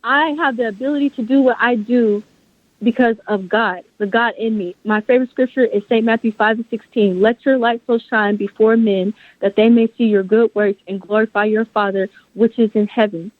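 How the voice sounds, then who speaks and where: She's a guest author on a phone interview, her voice on the high side with a steady tone and normal speed. The recording is dry, and her speech comes across as passionate, emphatic, and faith-driven with firm conviction.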